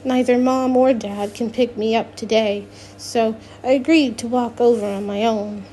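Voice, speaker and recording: A woman's voice: on the high side, steady tone, moderate pace, mellow, a little hiss or hum. A woman narrating a first-person novel, reading with frequent restarts and self-corrections. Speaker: audiobook narrator.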